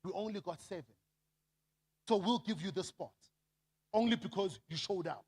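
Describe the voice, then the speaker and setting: A man's voice: high-pitched, moderate pace, husky. A man with a South African accent giving a motivational stage talk, switching between storytelling and rallying the crowd. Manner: animated, leads crowd call-and-response shouts. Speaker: motivational speaker. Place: event stage before a crowd.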